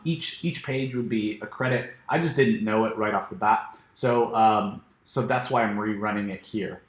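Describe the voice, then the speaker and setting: A man talks his way through a software demo in a loose, casual way, stumbling over restarts and fillers. His voice is a little worn, as if he is losing it. The recording has a noticeable room echo. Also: mid-range voice. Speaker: software reviewer. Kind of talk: screen-share software walkthrough. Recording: echoey room.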